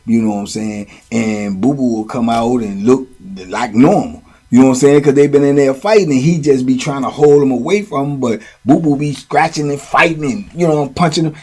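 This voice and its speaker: A middle-aged man telling prison stories in a slangy, animated way. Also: mid-range voice, normal speed, few pauses, breathy edge. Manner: slangy, animated, lots of "you know what I'm saying". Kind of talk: casual storytelling.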